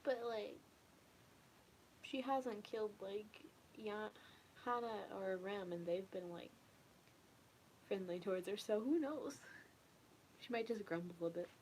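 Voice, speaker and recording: A young woman chatting casually with viewers in a relaxed, rambling way, often trailing off into a near whisper. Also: medium pitch, slow pace, pauses often, a little hiss or hum. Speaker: ASMR streamer chatting with viewers. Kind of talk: casual soft-spoken chat.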